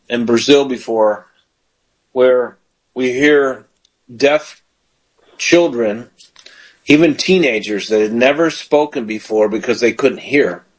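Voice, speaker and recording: A man's voice: mid-range voice, slow pace, long pauses, breathy edge, poor audio. A man hosting a call-in radio show as a pastor, praying fervently with callers and bursting into praise.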